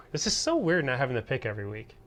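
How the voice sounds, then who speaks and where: A man co-hosting a casual podcast, excitable and quick to laugh, chatting about shows and music. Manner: excitable, laughs often, jumps between high and low pitch. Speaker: podcast co-host. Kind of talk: casual chat.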